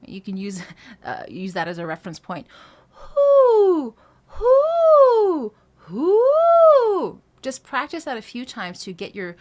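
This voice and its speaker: Animated and a bit bright, this mid-range female voice moves fairly quickly through a vocal lesson. The coach explains technique with frequent fillers and restarts, then sings short phrases and drills to show what she means.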